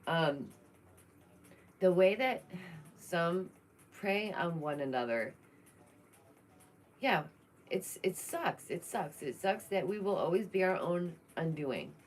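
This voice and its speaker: A woman's voice: lowish voice, lively intonation, slow, long pauses, a little hiss or hum. A young woman chatting casually and outspokenly through a true crime commentary vlog, laughing often.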